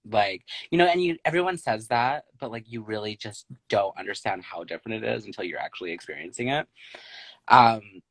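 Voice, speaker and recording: Casting: relaxed Canadian male guest, lowish voice, close dry sound. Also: brisk, no room sound, poor audio. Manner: easygoing, filler-heavy, gushing. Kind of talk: casual chat.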